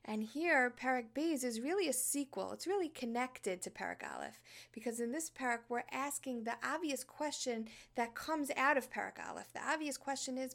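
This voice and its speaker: A woman's voice: on the high side, expressive, normal speed, vocal fry, few pauses, fairly bright tone. A woman giving a religious lesson, telling a personal story in an earnest, conversational way. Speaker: Torah teacher.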